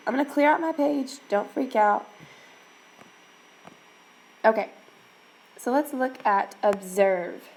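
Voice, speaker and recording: Woman teacher, recorded lesson, slightly high voice, coaxing step-by-step delivery. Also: gravelly, poor audio. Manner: encouraging, repeats okay, talks students through steps. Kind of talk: recorded reading lesson for students.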